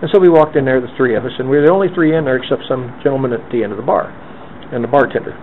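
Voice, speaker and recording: Sex: man. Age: 50s. Role: interviewee. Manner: lively storyteller who acts out quotes. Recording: narrow phone-like sound with faint hiss. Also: medium pitch, racing. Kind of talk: oral history storytelling.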